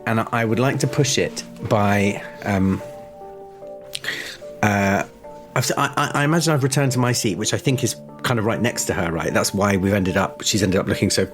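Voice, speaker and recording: A man at a tabletop game with a somewhat low voice, hesitant and full of fillers. Music plays behind him. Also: normal speed. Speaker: player. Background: background music.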